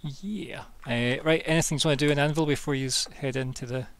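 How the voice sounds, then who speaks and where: A man's voice: fairly high pitch, fairly even intonation, quick pace. A man narrating as game master of an online tabletop game in a loose, rambling way full of fillers. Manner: casual, rambling, lots of fillers. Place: home, online voice call.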